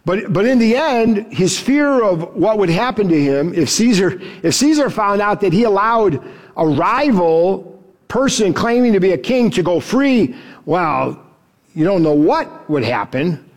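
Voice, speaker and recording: A man's voice: high-pitched, expressive, measured pace. A man preaching an expository sermon. He reads the passage and acts out the quoted lines, then drops his voice for asides. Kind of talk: sermon, expository Bible teaching.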